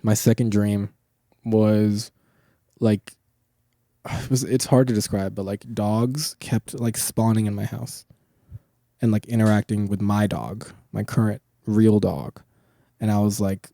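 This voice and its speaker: A man's voice: fairly low pitch, steady tone, a little slow, creaky, warm tone, no room sound, clean studio sound. A young man hosting a podcast, telling long rambling stories in casual chat, full of swearing and filler words. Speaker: podcast host.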